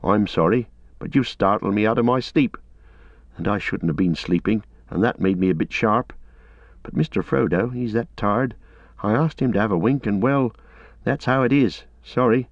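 A loyal, plain-spoken hobbit servant talks in a low, homely, earnest way, as a man reads him. The sound is dry and slightly dull, like an older audiobook recording. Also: moderate pace, no echo. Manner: homely, earnest, a bit gruff.

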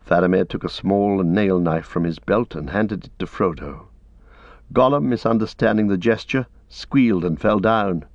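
A man narrating an audiobook in a steady, even storytelling manner. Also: deep voice, moderate pace, no room sound. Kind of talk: scripted narration. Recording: dry, slightly dull audiobook recording.

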